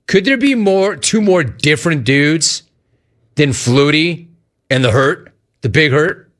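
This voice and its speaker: A middle-aged man from Southern California hosting a sports talk radio show, animated and playfully ribbing his callers. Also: medium pitch.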